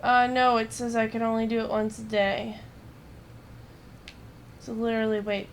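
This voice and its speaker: A woman's voice: a little high, flat delivery, moderate pace, long pauses, slight background noise. A young woman giving casual, blunt gameplay commentary, swearing and mocking the game. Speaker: gaming streamer.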